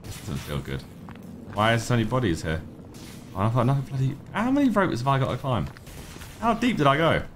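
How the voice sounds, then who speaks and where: Jumpy gamer, lively pitch. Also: male voice, a little fast, long pauses, a little hiss or hum. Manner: jumpy, swearing, talks to himself and the game. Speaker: gaming YouTuber. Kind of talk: let's-play commentary.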